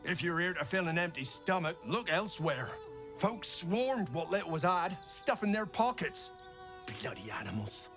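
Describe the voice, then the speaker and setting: A bitter, scornful refugee in a video game. His high voice swings widely as he grumbles. Clear music plays under the game audio. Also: big pitch swings, normal speed. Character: bitter, hungry male refugee.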